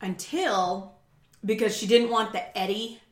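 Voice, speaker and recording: A woman's voice: medium pitch, steady tone, unhurried. Chatty woman in an echoey room. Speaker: podcast co-host. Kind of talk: casual chat.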